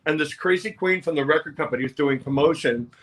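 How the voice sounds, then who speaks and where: A man from New York, an interview guest telling lively, profane stories and acting out the people in them. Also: fairly high pitch, quick pace. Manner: animated, profane, acts out voices. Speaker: interview guest, music producer. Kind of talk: casual storytelling interview.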